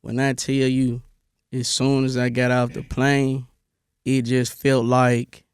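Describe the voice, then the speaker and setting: A young man from Memphis, telling his army stories in a relaxed interview, with a lot of "bro" and many restarts. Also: mid-range voice, slow, clear, resonant tone, no room sound, studio quality. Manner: laid-back storytelling, lots of "bro" and restarts. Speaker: interview guest, army veteran. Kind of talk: casual interview.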